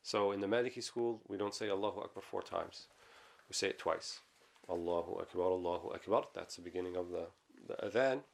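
Low-voiced man teaching a religious text. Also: gravelly. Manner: reads Arabic passages quickly, then explains in English. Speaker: Islamic teacher. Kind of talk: explaining a classical text.

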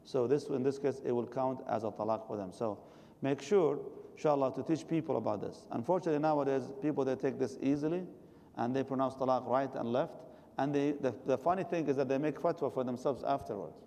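A man's voice: mid-range voice, a little fast, creaky, warm tone, long reverb tail. A man giving a religious lecture and answering questions from the audience, advising his listeners directly. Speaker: religious teacher.

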